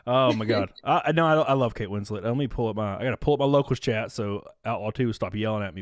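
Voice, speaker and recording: A man in his thirties hosting a casual streamed podcast, crude and excitable, laughing loudly and reading out chat messages. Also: mid-range voice, normal speed, no echo, studio quality. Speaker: streamer host.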